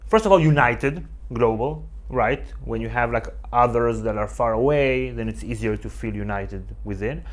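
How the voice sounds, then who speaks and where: A man hosting a casual chat, talkative and enthusiastic, full of geeky excitement. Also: mid-range voice, moderate pace, hardly any pauses. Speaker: host.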